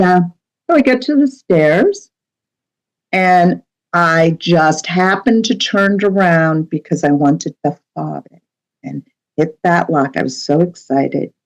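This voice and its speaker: A woman's voice: low-pitched, darkish tone, poor audio. A middle-aged woman, a medium, telling a personal story as a podcast guest in a chatty way, with many fillers and asides.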